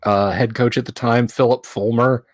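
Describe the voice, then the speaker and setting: A man hosting a casual livestream from a home studio, rambling and teasing his chat, halting with fillers. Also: mid-range voice, fairly even intonation, no room sound. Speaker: livestream host.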